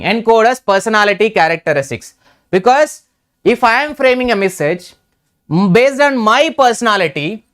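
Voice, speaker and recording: A man's voice: high-pitched, fairly bright tone. A middle-aged man with an Indian English accent, teaching an exam revision lecture, repeating key terms and checking in with "right?".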